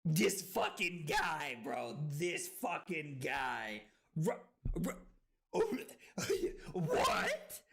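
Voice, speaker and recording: A man's voice: on the high side, huge pitch swings, very slow, creaky, fairly bright tone, breathy edge. A tipsy man streaming, chatting in a rowdy, profane, joking way and often breaking into giggles. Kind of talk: rowdy casual stream chat.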